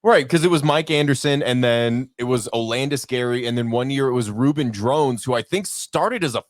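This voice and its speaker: A man's voice: medium pitch, normal speed, no room sound, clean studio sound. A man guesting on a sports podcast, joking and teasing as he tells long, rambling stories. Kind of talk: casual sports chat.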